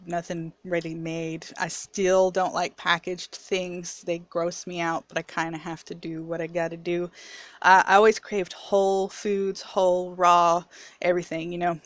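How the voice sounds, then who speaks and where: A woman's voice: fairly low pitch, a bit bright, no echo. A woman reviewer with a mixed, picked-up accent, talking candidly in a casual, chatty personal vlog. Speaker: video reviewer.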